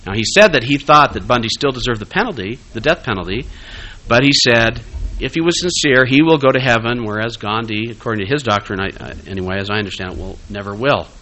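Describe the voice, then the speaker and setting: Guy giving a talk, kinda bright tone, lots of uhs, asks the crowd questions. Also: mid-range voice, fast, poor audio. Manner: conversational, many "uh" fillers and restarts; poses rhetorical questions. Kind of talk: lecture-style talk.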